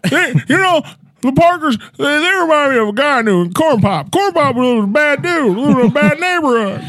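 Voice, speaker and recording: A man's voice: very high-pitched, lively intonation, a little fast, fairly bright tone, dry recording, pitched above the performer's own voice, exaggerated voice. A man doing a comedic impression of a rambling, folksy elderly male president. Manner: rambling, folksy, wanders off-topic.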